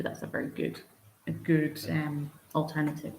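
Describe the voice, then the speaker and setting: A woman's voice: low-pitched, level tone, normal speed, creaky, a bit bright, slight background noise. A woman teaching English in a live online lesson, patient and encouraging, answering viewers by name. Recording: roomy echo.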